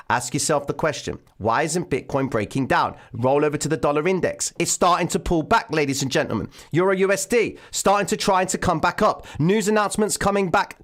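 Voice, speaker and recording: A man hosting a live trading stream from home, commenting excitedly on the market and calling his viewers ladies and gentlemen. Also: high-pitched. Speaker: trading livestream host. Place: home room, daughter present. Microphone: desk microphone.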